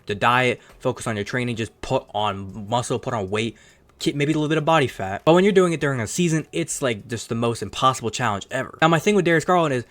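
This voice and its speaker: A man hosting his own sports channel, giving rambling, opinionated commentary in a casual tone and swearing now and then. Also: medium pitch. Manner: fast rambling opinionated talk with some cursing.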